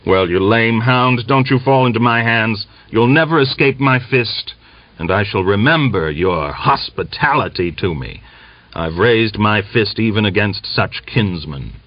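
A man playing a furious young Cossack executioner who threatens with contempt and shouts thickly. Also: fairly low pitch, expressive, a little slow, dry recording. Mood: furious threatening. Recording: dull lo-fi dry recording.

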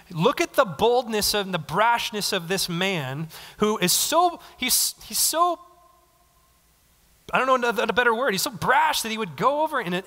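A young man preaching a casual, conversational sermon, animated, acting out little quotes. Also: sits high, in a large hall. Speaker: pastor. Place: church sanctuary.

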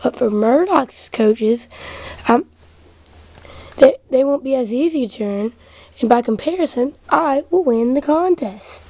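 A woman's voice: high-pitched, animated, measured pace, dark tone, a little hiss or hum. Gordon, a woman voicing a boastful engine. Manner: bragging, blustering. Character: boastful proud male steam engine.

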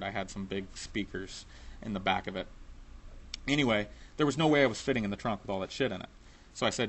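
A man's voice: lowish voice, fairly bright tone. A man telling a personal story in a casual, profane way, laughing now and then.

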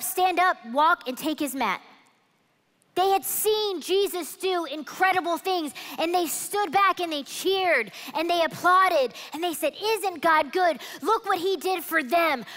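A woman preaching a sermon at a church event, telling the story in an animated, conversational way. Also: very high-pitched, in a large hall. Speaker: women's ministry speaker. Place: church event hall with audience.

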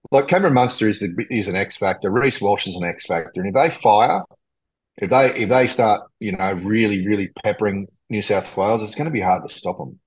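A man's voice: lowish voice, breathy edge, rough recording. A man co-hosting a rugby league podcast over a video call, blunt and opinionated, calling his co-host mate. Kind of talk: casual sports chat.

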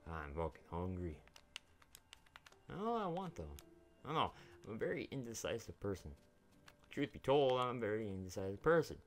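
A man's voice: fairly low pitch, very animated, a little fast, pauses often, faint music behind. A young man giving casual, rambling commentary while playing a video game, swearing freely and talking to the characters on screen. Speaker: gaming YouTuber.

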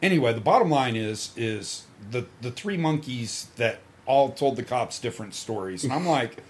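A middle-aged man with a swaggering, profane storytelling manner, laughing through his own tales. His pitch swings widely as he plays out both sides of a quarrel, and he keeps the chat loose and casual. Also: expressive, moderate pace, few pauses. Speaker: podcast guest storyteller.

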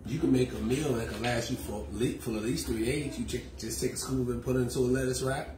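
A man's voice: mid-range voice, steady tone, fast, darkish tone. A man hosting a casual family cooking livestream, explaining a recipe in an easygoing, chatty way from a home kitchen. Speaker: cooking show host. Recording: echoey room with background noise.

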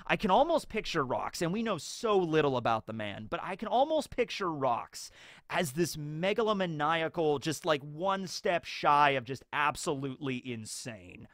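A man riffing through casual fan commentary, his high voice swooping up and down with animated energy. The tone is bright and forward, recorded close and dry. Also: normal speed, dry recording. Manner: animated, rambling, laughs often. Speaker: anime theory YouTuber.

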